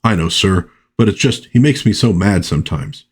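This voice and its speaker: A brash, quick-tempered superhero who blusters at his teammates, voiced by a man recapping a comic in his own low, husky voice. It stays close to everyday speech. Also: expressive. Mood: sheepish. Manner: angry, blustering.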